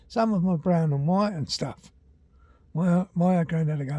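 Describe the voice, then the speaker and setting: An older man tells rambling family yarns from his home, stopping to fix his own facts. His voice sits a touch high but sounds dark and husky. The sound is close and dry. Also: normal speed, no room sound. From England. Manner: rambling, chatty, self-correcting, laughs at own tales. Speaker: walking vlogger. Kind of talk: casual storytelling to camera. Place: at home, indoors.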